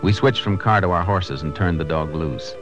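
An actor playing a steady, low-voiced trail tracker. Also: male voice, moderate pace, over music, lightly acted. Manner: calm, even narration; clipped commands. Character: steady, resourceful adult male tracker. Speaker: narrator and lead detective. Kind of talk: 1950s radio drama acting.

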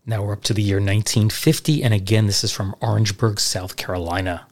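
A man's voice: fairly low pitch, fast talker. A middle-aged man hosting a podcast, reading old letters aloud and adding chatty, dry, sarcastic asides. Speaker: podcast host.

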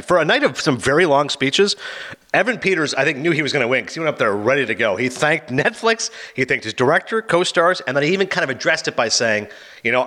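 A man hosting a casual chat, giving quick, opinionated retellings of an awards night. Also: mid-range voice, pushed and bright. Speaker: podcast host.

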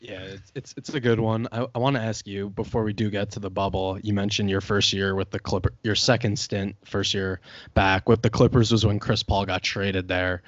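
Man co-host, low monotone, dry muffled sound. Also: moderate pace, no echo. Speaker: podcast co-host. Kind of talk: casual chat.

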